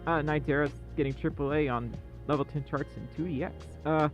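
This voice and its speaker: A male livestream host chatting casually with viewers, excitable and self-deprecating. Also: on the high side, a little fast, highs cut off, faint music behind.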